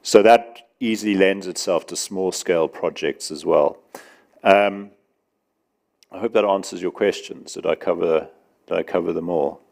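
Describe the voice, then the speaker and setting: A man answering audience questions at a conference panel in a measured, explanatory way. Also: sits low, steady tone, creaky, darkish tone. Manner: measured, explanatory, with some restarts.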